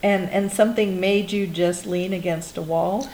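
A woman's voice: on the low side, steady tone, moderate pace, a little mellow, slight background noise, poor audio. A woman hosting an interview, prompting her guest attentively with short reactions and questions. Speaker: interview host. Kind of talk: casual interview.

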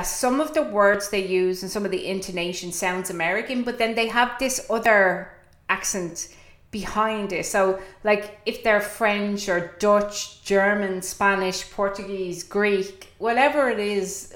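A middle-aged Irish woman hosts a podcast, chatting casually and telling stories with lots of animation. Her medium-pitched voice has a fairly bright tone and a slightly slow pace. The room she records in is echoey.

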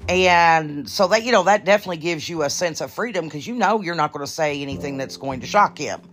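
A woman hosting her own podcast in casual chat, blunt and profane, a little nervous and halting. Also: low-pitched, faint music behind. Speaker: podcast host.

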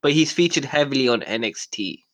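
A man's voice: medium pitch, expressive, fairly quick, fairly bright tone, a little hiss or hum. A man co-hosting a wrestling chat, giving his opinions and repeating phrases for emphasis. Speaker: podcast co-host. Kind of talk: casual chat.

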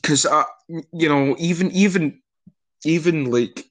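A man's voice: a little high, takes it slowly, fairly bright tone. A young Scottish man chatting casually in an interview, rambling with frequent restarts and swearing. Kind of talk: casual conversation.

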